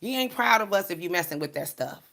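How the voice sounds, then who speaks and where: A woman's voice: lowish voice, animated, fast talker, vocal fry, sharp tone. A woman speaking in a candid, emphatic, chatty way, telling a spiritual story on her video channel with preachy asides. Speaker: spiritual card reader and vlogger. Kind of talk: casual storytelling vlog.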